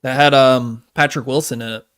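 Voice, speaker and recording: A man's voice: medium pitch, steady tone, a little fast, fairly bright tone, clean tone, no room sound, studio quality. A man co-hosting a podcast in casual chat, laid-back, swearing freely and laughing often. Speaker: podcast co-host.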